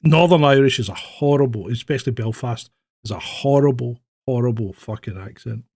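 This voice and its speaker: A man's voice: mid-range voice, fairly quick, darkish tone, no echo, studio quality. A man co-hosting a casual chat show from Britain, talking bluntly and swearing freely. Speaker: co-host.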